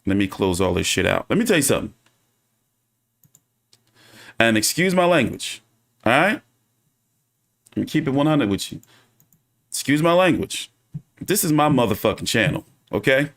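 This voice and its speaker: A man's voice: medium pitch, normal speed, vocal fry, long pauses. A man hosting his own boxing channel, talking casually and ranting with lots of swearing. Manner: profane, animated, ranting. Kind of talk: casual livestream commentary.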